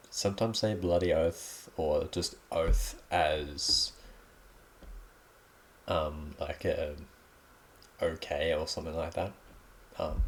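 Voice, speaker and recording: Deep-voiced young Australian man rambling. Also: a little hiss or hum. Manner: rambling, laid-back, many ums. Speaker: podcast host. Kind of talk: casual solo podcast chat.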